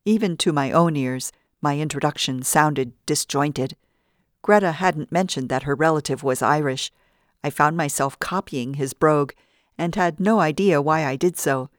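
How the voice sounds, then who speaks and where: A woman narrating a novel in a steady storytelling read. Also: low voice, dry recording, clean studio sound. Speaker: audiobook narrator. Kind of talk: scripted narration.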